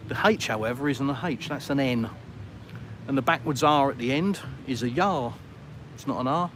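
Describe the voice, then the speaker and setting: A man's voice: medium pitch, normal speed, a bit bright, a little hiss or hum. Chatty British man on a street walk. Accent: British English. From Britain. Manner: chatty, self-deprecating, rambling asides. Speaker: vlogger. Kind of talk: casual walking vlog, chatting to live viewers. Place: outdoors on a town street with traffic.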